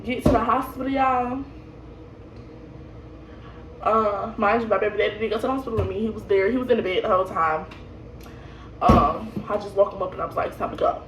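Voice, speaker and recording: A woman's voice: medium pitch, steady tone, fairly quick, long pauses, slight background noise. A young woman telling her birth story casually, rambling and laughing, with lots of fillers and restarts. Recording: echoey room, voice from a distance.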